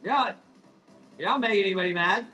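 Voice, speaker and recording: High bright-voiced guy running a live plant sale, rambly and sweary, faint music behind. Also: normal speed, poor audio. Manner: rambling, apologetic, swears freely. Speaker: live-stream plant seller. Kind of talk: live auction selling chat.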